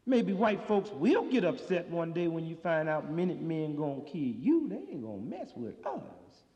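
The man doing stand-up here has a rather high yet dark-toned voice, very animated and at normal speed. His streetwise, sardonic set keeps swelling into emphatic outbursts, preserved on a dull-sounding old live recording made in a reverberant hall.

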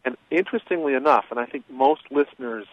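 A man being interviewed as an expert, explaining at a measured pace with many fillers and restarts. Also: medium pitch. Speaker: guest expert on childhood trauma. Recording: tinny phone-line sound.

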